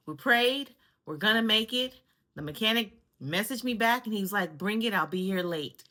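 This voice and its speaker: A middle-aged woman hosting her own vlog, telling a story calmly with sighs and self-soothing asides. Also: mid-range voice. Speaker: vlog host. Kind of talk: reflective casual storytelling.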